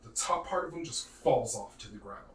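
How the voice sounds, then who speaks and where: A man narrating a tabletop game as game master, in a lively, casual way with lots of filler words. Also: mid-range voice, normal speed. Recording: roomy, distant mic, faint noise.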